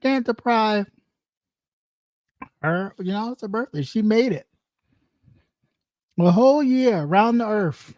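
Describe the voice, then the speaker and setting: Host for a casual commentary show: crude, mocking and profane, slow and dry, winded, with long "mm" eating noises. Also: medium pitch, lively intonation, a little mellow, no echo. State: out of breath.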